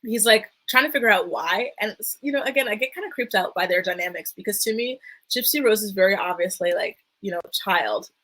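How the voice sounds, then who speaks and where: A woman's voice: mid-range voice, a little fast, bright, forceful tone, low-quality recording. A woman hosting a casual reality-show recap, chatty and full of fillers. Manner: chatty, many fillers, dips into quoted voices. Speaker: recap vlogger.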